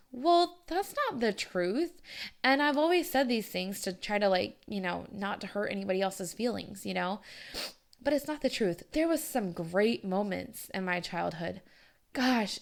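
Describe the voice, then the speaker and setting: A woman's voice: mid-range voice, gravelly, clear, resonant tone. A young woman hosting her own podcast, talking candidly and rambling a little, with many fillers. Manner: candid, rambling, says "like" often. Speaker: podcast host. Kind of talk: personal podcast monologue.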